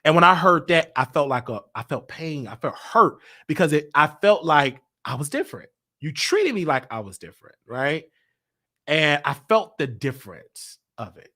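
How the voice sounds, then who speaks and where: A show host with a voice on the high side talks at normal speed, his tone bright and forceful with big swings in pitch. It's a candid, confessional livestream about his life, and he keeps repeating himself as he works through it.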